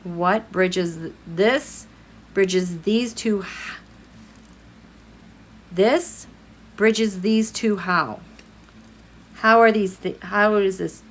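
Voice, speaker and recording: A woman's voice: medium pitch, drawn-out words, pauses often. Exasperated woman reading tarot live. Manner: animated, exasperated, talks straight at those she reads about. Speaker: tarot reader.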